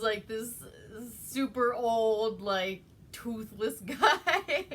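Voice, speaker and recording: Her voice sits on the high side, bright and forceful, as this Alaskan reviewer gives a profane, laughing, meandering rundown of an old movie. A faint hiss or hum runs underneath.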